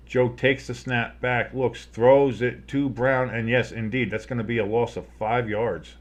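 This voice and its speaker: In a steady, unhurried, mid-range voice, a man narrates a football game live in a relaxed way. He rambles and swears as he reacts, often breaking off to restart his sentences.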